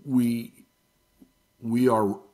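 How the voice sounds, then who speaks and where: A middle-aged man telling a painful personal story as an interview guest, halting and emotional. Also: medium pitch, level tone, mellow.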